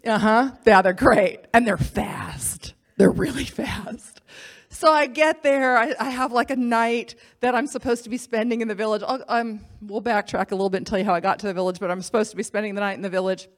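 A woman giving a personal testimony as a missionary, telling her story in a lively way and acting out the voices of the people she quotes. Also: on the high side, fast talker, few pauses. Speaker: missionary speaker.

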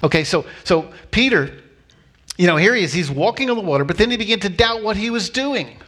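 A man preaching a sermon as a pastor, telling a story with lively acted-out voices and repeating key lines slowly for emphasis. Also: high-pitched. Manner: animated storytelling, acting out voices of people in the story.

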